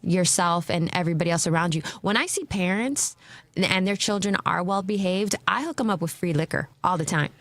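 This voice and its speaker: A woman co-hosting a radio chat, lively and joking as she acts out little scenes. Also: fairly low pitch, a little fast, no room sound. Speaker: guest co-host. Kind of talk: casual studio chat. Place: radio studio.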